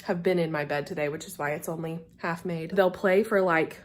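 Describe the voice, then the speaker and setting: A woman's voice: fairly low pitch, brisk. Chatty young woman vlogging at home. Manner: chatty and excitable, with laughs and whispered asides. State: stuffy with a sinus infection. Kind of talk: casual vlog chat to camera. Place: at home, in a house. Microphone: handheld camera filming herself.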